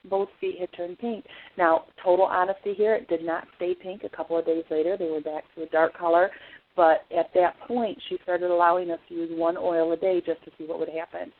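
A woman with a lowish voice tells a personal story as an essential oils presenter, speaking earnestly and often stopping to restart her sentences. The sound is thin and narrow, as if it came over a phone line. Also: flat delivery, fairly quick. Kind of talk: personal testimony talk.

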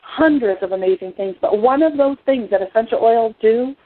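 A middle-aged woman telling a personal story, animated and acting out the voices she quotes. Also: on the high side, moderate pace, breathy edge. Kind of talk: personal testimony talk. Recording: phone-like narrow sound.

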